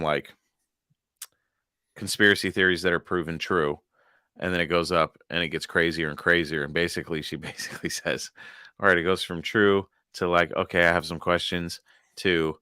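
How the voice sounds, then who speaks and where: Brief: male podcast co-host, deep but bright voice, lively swings in pitch, dry close sound, profane and giggly. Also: moderate pace, clear, resonant tone, dry recording. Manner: profane, laughs a lot, animated. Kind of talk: casual chat.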